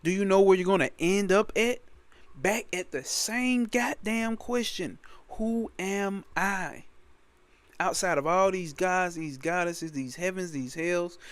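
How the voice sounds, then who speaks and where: A man with a clean, higher-leaning voice and no echo talks through a scripture in a casual, emphatic manner. He keeps repeating lines and swears liberally as he teaches.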